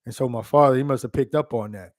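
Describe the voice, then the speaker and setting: A man in his thirties telling childhood stories casually to his phone camera, animated and laughing, with quick asides and repeated words. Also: mid-range voice. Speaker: vlogger.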